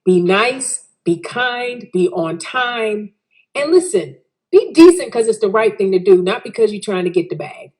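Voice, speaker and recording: A woman's voice: medium pitch, animated, a little slow, a little mellow. A woman guest in a casual interview, giving emphatic, preachy advice. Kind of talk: casual chat.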